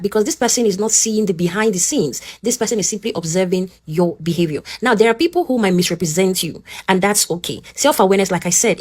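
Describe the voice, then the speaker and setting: Woman, Nigerian English accent, motivational teaching talk, earnest and direct, checks in with listener, middle pitch. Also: a little mellow, slightly rough.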